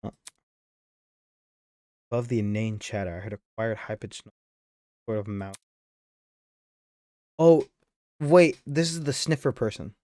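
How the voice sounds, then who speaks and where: A man's voice: on the low side, a little slow, long pauses, dark tone. A man streaming a game live, reading its dialogue aloud and chatting between lines, easily sidetracked.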